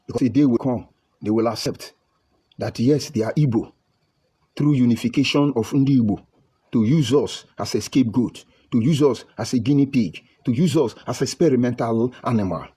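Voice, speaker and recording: A man's voice: medium pitch, moderate pace, dark tone, husky. A middle-aged Nigerian man speaking in a heated monologue with a Nigerian English accent, firing off rhetorical questions. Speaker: political commentator. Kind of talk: impassioned online monologue.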